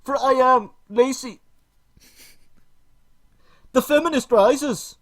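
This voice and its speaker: A man's voice: very high voice, slow, fairly bright tone, pitched above the performer's own voice, full character voice. A man voicing a smug, self-important woman video maker who speaks in grand, theatrical villain speeches. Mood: grandiose.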